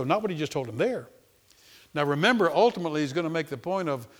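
A man's voice: fairly high pitch, expressive, fast. A man preaching a sermon, reading and explaining a passage, often repeating words as he starts a thought. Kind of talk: expository sermon.

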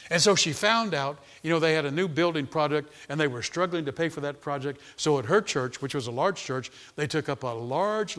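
Male preacher, high-ish crisp voice, dramatic sermon storytelling. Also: fairly bright tone. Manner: dramatic storytelling with big swings of volume.

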